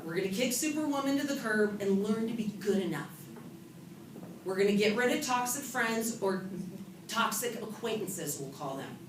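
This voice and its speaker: Woman from California, lively self-mocking speaker, distant mic, roomy echo, noisy. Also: a little high. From California, USA. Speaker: author and event speaker. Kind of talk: humorous motivational talk. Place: event hall with an audience. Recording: echoey room from a distant mic with noise.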